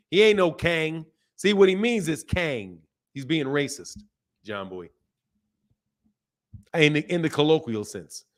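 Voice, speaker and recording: A man hosting a live boxing stream, chatting casually and reading out viewers' names from the chat. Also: a little high. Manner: animated, talkative, reads chat names aloud. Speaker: boxing channel host.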